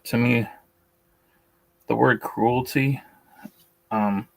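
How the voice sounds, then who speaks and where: A man's voice: medium pitch, steady tone, drawn-out words, gravelly, no room sound, poor audio. A man hosting a beekeeping talk stream, blunt and opinionated, speaking with a shaky voice and often restarting his sentences. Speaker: beekeeping channel host. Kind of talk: casual livestream talk, reading and answering a list.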